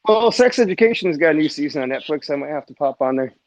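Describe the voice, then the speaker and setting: Man, casual chat, slightly high voice, dull lo-fi sound, rambling. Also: lively intonation, fast talker, a little mellow, no echo. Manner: chatty, rambling, fillers and restarts. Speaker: group audio chat participant. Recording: slightly muffled lo-fi line.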